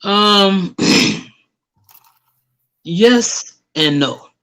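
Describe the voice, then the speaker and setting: A man's voice: high-pitched, animated, extremely slow, a bit bright, low-quality recording. A man guesting in a casual chat, laid-back, answering briefly with fillers. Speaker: guest, former boxer.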